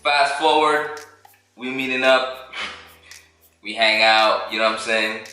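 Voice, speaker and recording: A man's voice: mid-range voice, slow pace, sharp tone, heavy reverb, faint music behind. A man with a New York accent, a chef and co-host telling a story in a casual, teasing way full of street slang. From New York City.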